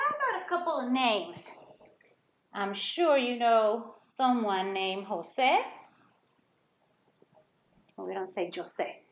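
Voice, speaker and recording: A woman's voice: fairly high pitch, reverberant. A woman teaching a Spanish lesson to children, patiently sounding out words and repeating them for students to copy.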